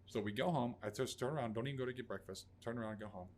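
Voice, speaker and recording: An Army veteran in his thirties, appearing as a podcast guest, tells an emotional story in a raw, profane way, acting out quotes in loud outbursts. His medium-pitched voice races along.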